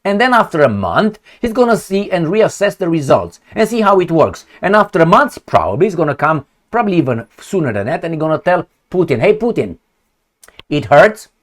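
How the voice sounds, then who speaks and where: A man's voice: a little high, sing-song, fairly quick, few pauses. A man giving a sarcastic, profane political rant from indoors at home. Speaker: political commentator. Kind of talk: ranting political commentary.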